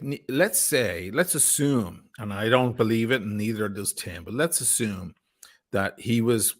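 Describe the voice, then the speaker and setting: A man in a heated livestream chat, ranting angrily and swearing often. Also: fairly low pitch. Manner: angry, profane, ranting.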